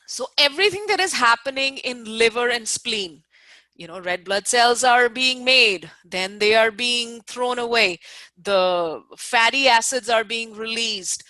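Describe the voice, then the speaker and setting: A woman's voice: on the high side, expressive, unhurried, pushed and bright, dry recording. A woman from India teaching an online lecture over a video call, explaining step by step, repeating key terms and checking that her students follow.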